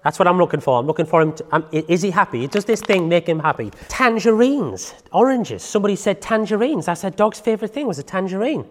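A man's voice: sits high, animated, fast, few pauses, big-room sound, a little hiss or hum. A man, a dog trainer explaining in a casual chatty way, full of tag questions. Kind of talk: casual instructional talk to camera.

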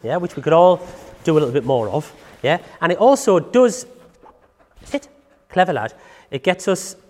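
A man's voice: on the high side, very animated, moderate pace, a little mellow, big-room sound. A man, a dog trainer explaining in a casual chatty way, full of tag questions. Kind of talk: casual instructional talk to camera.

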